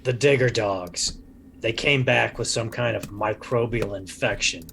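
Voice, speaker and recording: A man's voice: fairly low pitch, a little slow, creaky, fairly bright tone, a little hiss or hum. A man voicing a weary, aging male cop who is blunt and grumbling.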